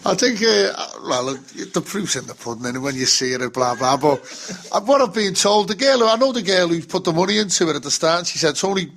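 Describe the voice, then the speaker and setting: A Scouse man with a high voice chats in loose, sweary banter, laughing through his words. He sounds casual and self-mocking. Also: expressive, fairly quick, fairly bright tone. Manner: sweary, laughs a lot while talking.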